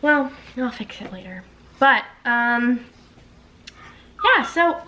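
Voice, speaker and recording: Young female vlogger in her 20s, chatty and rambling, bright higher voice. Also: animated, takes it slowly, pauses often, dull audio, slight background noise. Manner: chatty, heavy on filler words. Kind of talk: casual couple chat. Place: home, with a pet dog.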